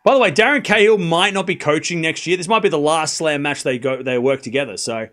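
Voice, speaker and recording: A man's voice: fairly high pitch, fairly quick, fairly bright tone. A man hosting a live watchalong, chatting casually with his chat, rambling with frequent fillers and restarts. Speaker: livestream watchalong host.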